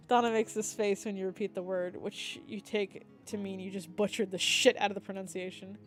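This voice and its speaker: A young woman, a streamer, reading the text of a dating game aloud with lively asides and slips. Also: medium pitch, a little fast, few pauses, faint music behind.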